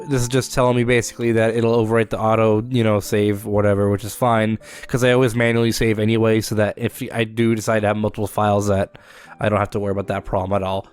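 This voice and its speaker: A man's voice: mid-range voice, clear, resonant tone. A young man with a congested, sore-throated voice, chatting casually as he hosts a let's-play of a game. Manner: rambling, chatty, many filler words. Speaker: gaming channel host.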